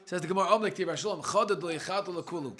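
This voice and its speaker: A rabbi with a notably high voice leads a relaxed Talmud study session for a group. He reads the old text aloud, then unpacks it in friendly, conversational English. He thinks aloud and jokes with his students as he goes. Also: very fast. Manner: reads Aramaic phrases then explains them in chatty English. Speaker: rabbi teaching a Talmud class. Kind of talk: casual Talmud lesson to a live group.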